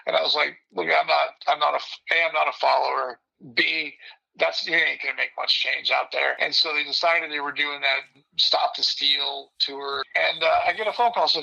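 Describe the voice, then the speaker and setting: A brash older man with a gravelly, rough-edged voice tells his stories in a loud, animated way, sitting slightly high for a man. His tone is bright and forceful, and the audio comes through dull and lo-fi. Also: a little fast. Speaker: podcast guest. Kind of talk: casual storytelling interview.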